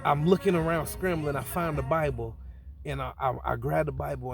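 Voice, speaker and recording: A man's voice: on the high side, steady tone, moderate pace, vocal fry. A man vlogging in a casual storytelling style, earnest and shaken, who rambles and restarts his words. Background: background music.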